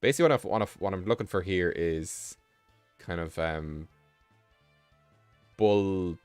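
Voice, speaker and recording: A man's voice: low voice, measured pace, smooth, dry recording, faint music behind. A man hosting a live stream, reading text aloud in a rambling, offhand way and breaking off for casual asides. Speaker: livestream host.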